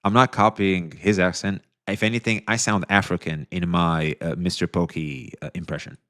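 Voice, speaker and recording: A man's voice: low voice, steady tone, moderate pace, a bit bright. A man streaming live, casually reacting to a clip, laid-back, swearing and laughing a lot.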